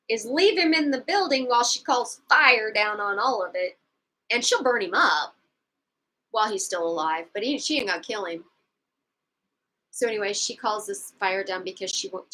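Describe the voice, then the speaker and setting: A woman's voice: mid-range voice, animated, normal speed, pushed and bright, low-quality recording. A woman co-hosting a casual book club livestream, rambling through a plot recap with asides and chuckles, sometimes acting out the characters' lines.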